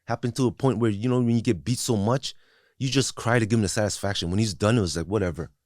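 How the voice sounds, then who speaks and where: A man's voice: on the low side, fast, darkish tone, dry recording, studio quality. A man in his forties telling his life story bluntly and profanely, with many restarts and "you know what I mean" tags; English is not his first language. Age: 40s. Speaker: guest. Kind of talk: candid personal storytelling.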